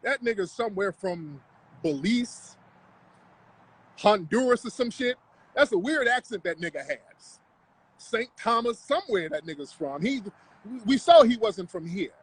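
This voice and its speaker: A man's voice: sits high, expressive, unhurried, breathy edge, rough recording. A man hosting a livestream, talking in a confrontational, mocking, profane rant. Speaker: livestream host. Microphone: live stream mic.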